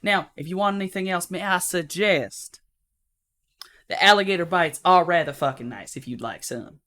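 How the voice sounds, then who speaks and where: A man's voice: high voice, normal speed, bright, forceful tone. A man voicing a folksy Southern steakhouse waitress who drawls and calls her customers sweetheart and darling. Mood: friendly. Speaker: game master voicing a character.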